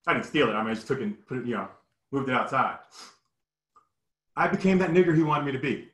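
A man in his fifties telling personal stories, animated and acting out the people in them. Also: mid-range voice, quick pace. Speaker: guest storyteller. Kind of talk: personal storytelling. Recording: roomy echo.

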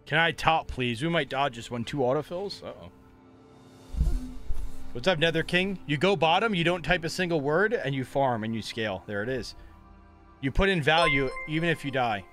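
A young man talks through his match as a live streamer, relaxed and chatty, breaking into playful mock-angry trash talk. His voice is bright and sits a little high. Faint music plays in the background. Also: normal speed. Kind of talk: live gameplay commentary.

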